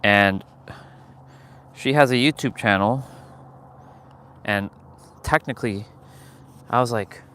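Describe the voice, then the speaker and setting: A man's voice: medium pitch, slow pace, long pauses, pushed and bright, a little hiss or hum. Candid swearing man on a livestream. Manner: candid, emotional, swears, rambles with restarts. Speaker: livestream host. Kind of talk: casual confessional livestream talk.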